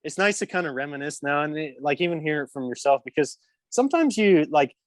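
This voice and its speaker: A man's voice: a little high, animated, a little fast, dry recording. A young man, a former pro hockey player from England, telling a story as a podcast guest in a rambling way full of fillers. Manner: rambling, lots of "like" fillers, laughs mid-story. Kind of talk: casual storytelling.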